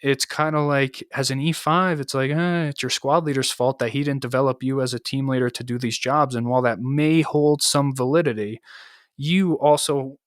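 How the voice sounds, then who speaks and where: A man's voice: mid-range voice, fairly even intonation, normal speed, no echo, studio quality. A man, an Army NCO co-hosting a podcast, tells a story in a loose, profane, casual way, full of fillers and acted-out quotes.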